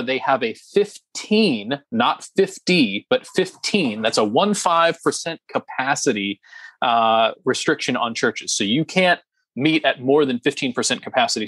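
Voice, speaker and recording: A man's voice: mid-range voice, fairly bright tone, dry recording. A man co-hosting a podcast in casual chat, talking emphatically and heatedly, with lots of ums and restarts. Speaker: podcast co-host.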